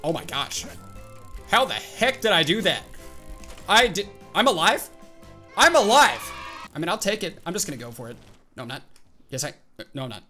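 Male gaming host, bright tense voice, wildly swinging pitch, excitable running commentary over faint game music. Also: fairly quick, pauses often. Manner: excitable, reactive, bursts into yelps and shouts. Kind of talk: live gameplay commentary.

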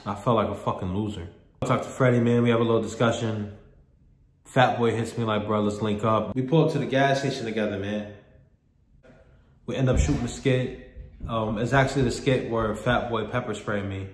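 A man's voice: lowish voice, steady tone, a little fast, reverberant. A man vlogging a personal story in a candid, profane, rambling way, often repeating himself. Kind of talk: casual storytelling monologue.

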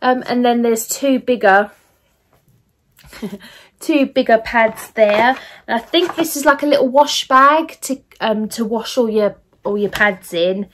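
Speaking slowly in a fairly high voice, a young vlogger gushes over her presents in a casual haul video. Her chat is enthusiastic and full of fillers.

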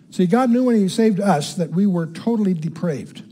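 An older man teaching the Bible verse by verse in a conversational way, reading scripture slowly with emphasis and putting quick questions to his listeners. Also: high voice, mellow.

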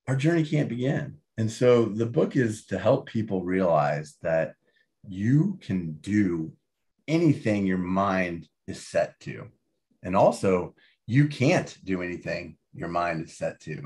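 A man talking as an interview guest and author, emphatic and animated, often tagging his points with "right?". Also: fairly low pitch. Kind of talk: casual interview talk.

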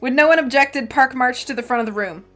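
A woman reads a novel aloud on a live stream, her voice sitting slightly high. She breaks into chatty, giggly asides to her viewers. Faint music plays behind her. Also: fast, fairly bright tone. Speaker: streamer reading a book aloud. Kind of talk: live-stream storybook reading and chat.

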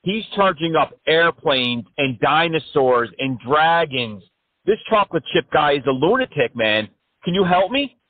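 Brief: high-pitched male prankster, mocking and profane, tinny phone audio. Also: big pitch swings, unhurried, no room sound. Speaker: scam baiter.

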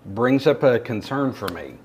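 A man's voice: medium pitch, expressive, moderate pace, a little mellow, a little hiss or hum. A man co-hosting a casual chat, answering with dry, teasing comebacks. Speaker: co-host.

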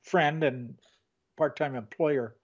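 A man's voice: a little high, slow, highs cut off. An older man co-hosting a casual chat, rambling and trailing off mid-sentence. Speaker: co-host.

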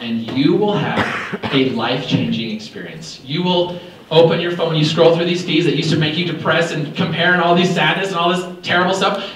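A man giving a playful, animated motivational talk to high school students at an assembly. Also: noisy background. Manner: playful, animated, talks straight to the audience. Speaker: motivational speaker. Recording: echoey hall, voice from far off.

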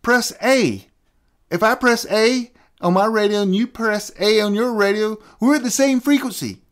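Middle-aged guy ranting on a podcast, kinda high voice, gets animated acting out convos. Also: normal speed. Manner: animated, acts out conversations. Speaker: podcast host. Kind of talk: casual ranting chat.

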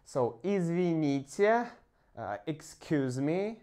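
A man, a teaching pronunciation in English, explaining slowly with frequent "uh" pauses. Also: mid-range voice, animated. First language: Russian. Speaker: language teacher.

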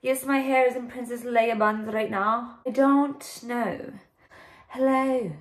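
Casting: young woman vlogger, slightly high voice, chatty and rambling. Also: steady tone, slow. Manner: bubbly, chatty, rambling with restarts. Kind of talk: casual vlog chat.

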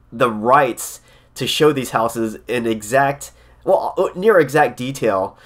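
A man vlogging casually to camera, excitable and rambling, often repeating himself and restarting sentences. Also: mid-range voice. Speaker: theme park vlogger. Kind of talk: casual vlog talk to camera.

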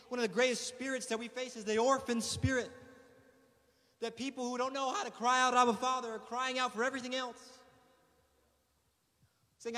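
A man's voice: very high voice, sharp tone. A man preaching a sermon as pastor, impassioned and building in intensity. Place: church sanctuary. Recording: long reverb of a church hall.

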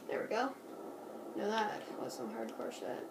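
A woman's voice: on the high side, measured pace, vocal fry, long pauses, a little mellow. A woman chatting goofily to herself while commentating on a game she is playing. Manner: chatty, goofy, talks to herself. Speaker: gameplay commentator. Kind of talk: casual let's play commentary. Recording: noisy home recording.

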